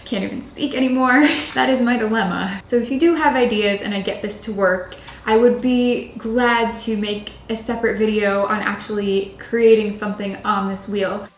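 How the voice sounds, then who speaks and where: A young woman hosting a casual craft-kit testing vlog, with a dry, low-key delivery and little pitch range. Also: fairly even intonation, normal speed, hardly any pauses. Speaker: craft channel host. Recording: echoey room with faint hiss.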